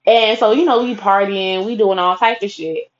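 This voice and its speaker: A young woman tells a personal story in blunt, profane everyday talk, slipping into the voices of the people in it as she goes. Her pitch sits in the middle of the usual range. The recording is dull and lo-fi, with muffled highs. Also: moderate pace. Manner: profane, lively retelling full of quoted dialogue.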